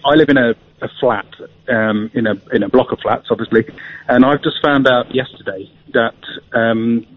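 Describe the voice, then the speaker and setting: A man calling a radio show on a tablet headset, talking hesitantly with many pauses. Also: medium pitch, fairly even intonation. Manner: hesitant, many ums, earnest. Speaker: caller. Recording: dull lo-fi phone-in audio.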